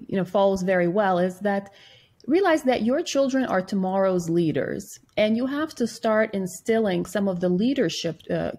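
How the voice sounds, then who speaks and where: A woman hosting an interview, asking measured questions that paraphrase her guest's points. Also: medium pitch, a little mellow. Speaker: podcast host.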